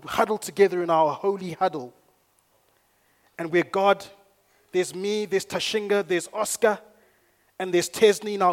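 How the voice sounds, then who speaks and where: Male pastor, sermon delivery, lively storyteller, slightly high pitch, punches key lines loudly. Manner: energetic, storytelling, rising to loud emphasis. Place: church in Nairobi.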